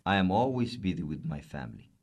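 A hardworking, proud camel speaks sternly in a children's storybook read-aloud, voiced by a man. The voice is low and swings widely in pitch. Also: very animated, fast talker, a little mellow, slight background noise. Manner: stern and scolding.

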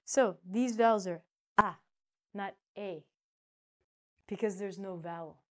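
A woman teaching an English pronunciation lesson in a playful, chatty way, now loud, now soft. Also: mid-range voice, moderate pace. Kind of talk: casual spoken lesson.

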